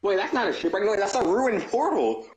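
A man's voice: high voice, very animated, a little fast. A young man chatting casually while gaming, playful and teasing, laughing often. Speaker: gamer. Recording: echoey room with noise.

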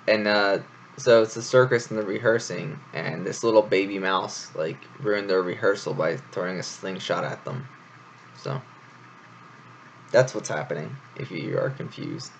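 Gravelly man reading a story aloud. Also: lowish voice, slight background noise. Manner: casual, rambling asides. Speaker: reader of a novel. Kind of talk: casual read-aloud storytelling. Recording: dull lo-fi home recording.

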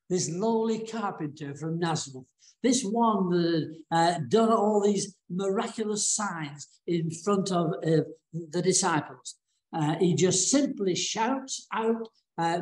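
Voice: medium pitch, darkish tone. Chatty preacher in an echoey church. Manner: colloquial storytelling with frequent fillers and restarts. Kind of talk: sermon retelling a Bible story.

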